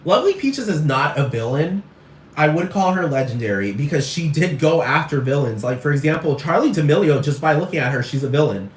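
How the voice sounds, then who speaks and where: A man's voice: fairly high pitch, expressive, fairly quick. Rambling man ranting far from the mic. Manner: rambling, repetitive and profane. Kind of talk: casual ranting monologue. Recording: echoey room, far from mic, faint noise.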